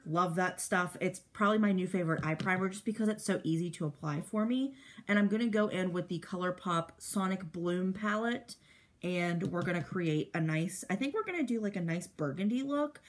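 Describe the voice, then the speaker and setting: A young woman vlogger chatting casually while doing her makeup, rambling with lots of fillers and getting animated when excited. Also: medium pitch. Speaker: beauty vlogger.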